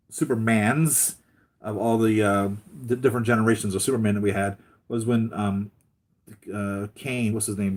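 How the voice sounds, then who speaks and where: Male channel host with a low voice, casual and rambling, full of fillers and restarts. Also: a little mellow. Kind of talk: casual chat.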